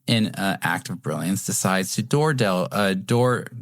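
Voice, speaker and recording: A man's voice: deep voice, measured pace, no room sound, studio quality. A man co-hosting a podcast, rambling through a casual story with lots of fillers and restarts. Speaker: podcast co-host.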